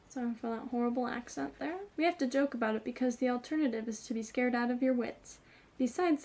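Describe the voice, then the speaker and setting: Chatty woman with a gravelly edge. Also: fairly high pitch, dark tone. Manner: chatty, hedging with "kind of" and "like". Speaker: book channel host. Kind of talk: casual book discussion.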